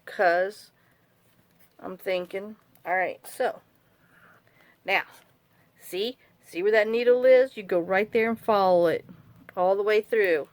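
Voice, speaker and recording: A woman's voice: mid-range voice, takes it slowly, pauses often, no room sound. A woman chatting casually as she makes a journal, rambling through stories and complaints. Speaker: journal-making craft vlogger. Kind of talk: casual chat while crafting.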